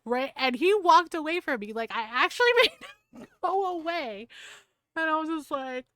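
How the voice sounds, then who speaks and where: A woman's voice: high-pitched, normal speed, dry recording. Profane storytelling woman streamer, dry close mic. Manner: profane, animated, keeps asking "right?". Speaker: game streamer. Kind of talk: casual storytelling chat.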